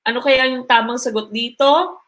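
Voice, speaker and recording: A woman's voice: fairly high pitch, steady tone, brisk, a bit bright. A Filipino-accented woman running a live-stream exam review lesson, reading quiz items and answer choices aloud and explaining each answer step by step with polite Tagalog asides. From Philippines. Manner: mixes English with Tagalog, adds polite "po".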